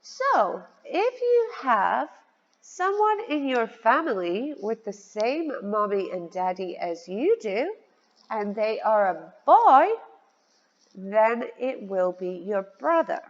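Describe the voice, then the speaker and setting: A woman teaching a children's vocabulary lesson, spelling words out letter by letter in a slow, sing-song way. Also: on the high side, sing-song. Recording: dull lo-fi sound with long reverb.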